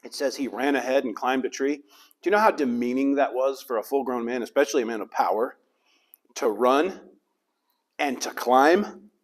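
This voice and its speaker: A man's voice: medium pitch, normal speed. Dramatic preaching pastor, man. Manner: dramatic, acts out the crowd's and Jesus' lines. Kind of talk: sermon.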